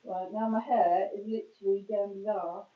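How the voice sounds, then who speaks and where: Speaking from her phone on a live stream, a woman chats casually, rambling and making fun of herself. Her voice is medium in pitch with a steady tone and normal speed. The sound is dull and echoey, as she's far from the phone's mic.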